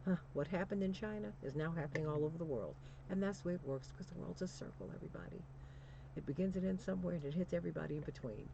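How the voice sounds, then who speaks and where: A woman's voice: fairly low pitch, rapid-fire, gravelly. A woman hosting a radio talk show, speaking in an emphatic, rousing way. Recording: dull lo-fi radio audio with faint hum.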